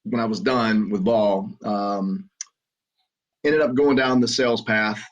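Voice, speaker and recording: A middle-aged Southern American man with a somewhat low voice tells his story as a podcast guest. He talks earnestly and haltingly, often restarting his sentences. The audio is muffled and lo-fi. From Southern United States. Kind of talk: conversational storytelling.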